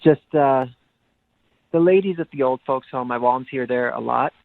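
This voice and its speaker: A young man on a phone call, talking in a hesitant, halting way. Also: mid-range voice, gravelly, a little hiss or hum. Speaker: caller on the phone. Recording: tinny phone line.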